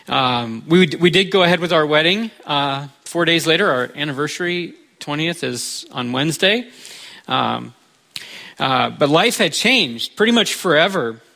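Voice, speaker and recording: Bright-voiced American man preaching. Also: fairly high pitch, gravelly. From United States. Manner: earnest, conversational storytelling. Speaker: pastor. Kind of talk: sermon.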